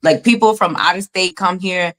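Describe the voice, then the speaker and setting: A co-host in her thirties who is a mother talks candidly and emphatically, with lots of profanity, during a casual livestream chat over video call. Her voice is fairly low and a bit bright, at a normal pace.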